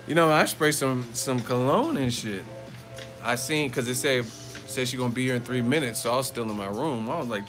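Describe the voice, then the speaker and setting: A man's voice: mid-range voice, sing-song, brisk, pushed and bright, faint music behind. A man hosting a boxing live chat from a hotel room, telling profane, joking stories. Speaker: boxing YouTuber host. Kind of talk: live-chat vlog storytelling.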